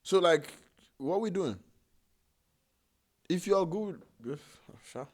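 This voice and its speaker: A man casually reacting to video clips, rambling and halting as he corrects himself and fills gaps with "like". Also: high-pitched, lively intonation, darkish tone.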